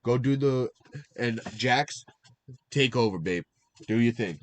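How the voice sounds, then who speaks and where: A young man co-hosting a casual stream recap, rambling and animated, laughing at himself as he goes. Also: medium pitch, slow, slight background noise. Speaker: draft league recap co-host.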